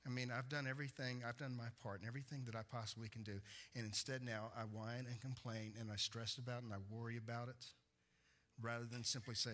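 A man's voice: mid-range voice, steady tone, moderate pace, pauses often, bright, forceful tone. A man, a pastor preaching a conversational sermon full of stories and restarts. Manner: conversational storytelling with repeated restarts.

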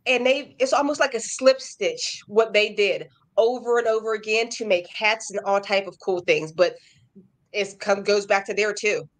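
A woman's voice: mid-range voice, moderate pace. A woman hosting a casual livestream chat about crochet, reading out viewer comments in a bubbly way. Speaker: host.

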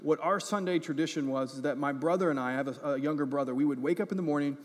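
A man's voice: fairly high pitch, fast talker. A man preaching a sermon as pastor, impassioned and earnest, often repeating words as he builds a point. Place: church. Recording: echoey church hall.

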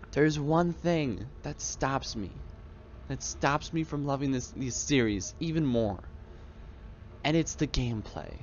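A young YouTube gamer, his voice fairly high, speaks into a headset that gives a muffled recording. His casual, reflective monologue about beloved games is rambling and enthusiastic, with many restarted sentences.

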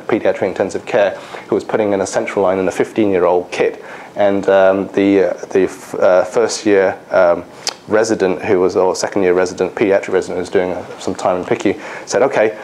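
A man from England speaks in a fairly low voice, telling anecdotes to illustrate a lecture. He stumbles through fillers and restarts as he goes. A faint hiss of background noise sits under the recording. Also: darkish tone, low-quality recording. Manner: storytelling with many fillers and restarts.

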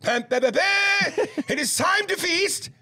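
A man putting on a loud, chanting ceremonial voice, high and sing-song. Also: expressive, takes it slowly, full character voice.

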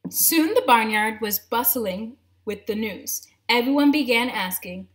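A woman teacher reading a picture book aloud to her class from home, animated and talking to the children as friends. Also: a little high, measured pace.

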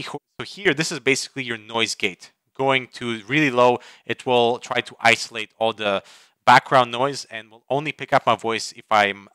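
Bright-voiced man reviewing gaming headsets. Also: mid-range voice, no echo. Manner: casual, conversational, demonstrating mic settings. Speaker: tech reviewer. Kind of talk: product review narration. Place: home desk setup. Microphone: headset microphones under test.

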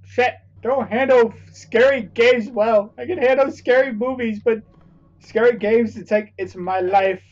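A man's voice: very high-pitched, fairly even intonation, unhurried, muffled recording. A man commenting on a horror game as he plays, jumpy, yelping and swearing often. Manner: jumpy, loud yelps and frequent swearing. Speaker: gamer playing a horror game. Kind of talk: let's play commentary.

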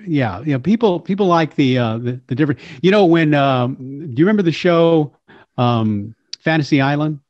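An older man, a voice actor, telling stories in an interview in a lively way and slipping into character voices. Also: fairly high pitch, moderate pace, no echo. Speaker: voice actor and impressionist guest. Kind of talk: animated storytelling interview. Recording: dull lo-fi sound, dry.

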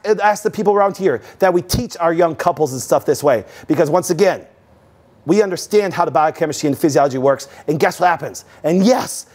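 Emphatic, preachy man, a little high-pitched. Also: darkish tone. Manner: emphatic, preachy, asks the audience rhetorical questions. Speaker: host. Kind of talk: animated health talk to an audience.

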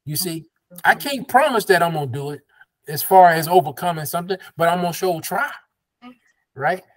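A man's voice: a little high, normal speed. A man from the American South leading an interactive Bible study as pastor, conversational and affirming, drawing call-and-response.

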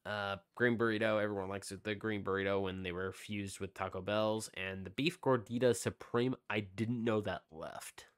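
A man's voice: fairly low pitch, steady tone, normal speed, hardly any pauses, clean tone. A man co-hosting a casual podcast, rambling through release dates and snack news with lots of fillers. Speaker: podcast co-host. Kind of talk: casual chat.

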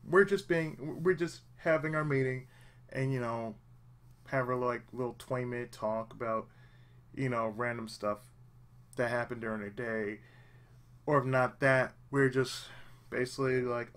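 A man's voice: medium pitch, fairly even intonation, unhurried, a bit bright. A man hosting a let's play channel, giving earnest, emphatic advice in casual talk and often repeating himself for emphasis. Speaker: let's play host, aspiring voice actor.

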